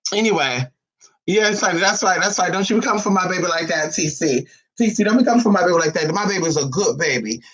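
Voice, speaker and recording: A man vlogging casually from home, sassy and profane, cooing baby talk at his dog, his voice a little hoarse. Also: high-pitched, fast, fairly bright tone, low-quality recording. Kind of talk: casual chat to camera.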